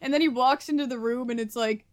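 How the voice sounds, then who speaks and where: A woman's voice: a little high, fairly even intonation, fast. A woman co-hosting a podcast, telling anecdotes in casual chat with frequent giggles. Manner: storytelling, giggly. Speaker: podcast co-host.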